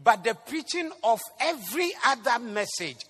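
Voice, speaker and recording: A man with a Ghanaian accent preaching a sermon in church, moving between quiet asides and loud shouted exhortation. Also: very high-pitched, big pitch swings, moderate pace, husky, long reverb tail. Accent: Ghanaian English. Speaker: pastor. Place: church hall.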